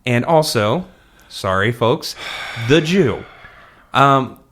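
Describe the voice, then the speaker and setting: A man's voice: mid-range voice, animated, slow, a bit bright. A man co-hosting a podcast in casual comedic chat, laid-back and joking, with frequent ums and laughs. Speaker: podcast co-host.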